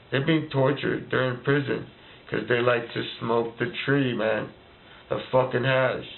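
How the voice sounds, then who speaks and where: A man's voice: medium pitch, gravelly. A man delivering a heated political rant, firing off repeated rhetorical questions. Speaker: vlogger ranting to camera. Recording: tinny phone-like lo-fi recording.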